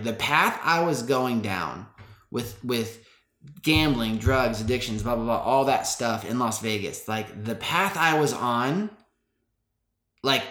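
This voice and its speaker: A man's voice: medium pitch, a bit bright, reverberant. A young man casually telling a story to his podcast listeners, chatty and laid-back, full of "like" and "bro.". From Texas. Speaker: podcast host.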